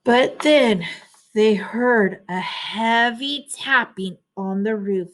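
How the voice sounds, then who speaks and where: A woman reading a children's storybook aloud, pausing to explain words and ask the listeners questions. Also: on the high side.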